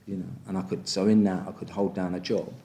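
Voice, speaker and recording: Talking fast in a low, dark voice with little pitch movement, a man in his fifties from England shares frankly at a recovery meeting. Again and again he bluntly asks "do you know what I mean."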